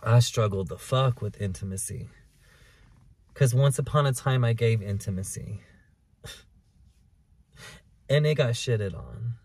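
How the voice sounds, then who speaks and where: A man in the middle range of pitch talks to his camera in a park, baring his feelings with plenty of cursing. He moves from loud outbursts to quiet, hushed admissions. The sound is dry, with no room echo. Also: a little slow, long pauses, breathy edge. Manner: candid, profane and emotional, swinging between loud and hushed. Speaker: podcast host. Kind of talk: confessional solo podcast monologue. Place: outdoors in a park. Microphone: camera recording him.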